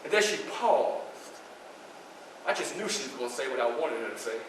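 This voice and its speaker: A man's voice: mid-range voice, expressive, normal speed, background noise, close to an everyday voice. A man performing as Frederick Douglass in a one-man historical storytelling show, dramatically addressing the audience in a library room. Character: Frederick Douglass, man recounting his enslavement. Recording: echoey room from far off.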